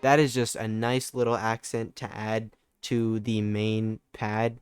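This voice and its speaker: A man's voice: lowish voice, flat delivery, slow pace. A young man giving a casual, laid-back music production tutorial, loose and full of fillers and restarts. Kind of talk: casual screen-recorded tutorial.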